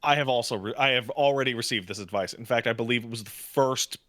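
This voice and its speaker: A man's voice: medium pitch, fast talker, dry recording, studio quality. A man in his thirties, a podcast co-host, telling stories in casual chat with lots of "like". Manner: animated storyteller, lots of "like".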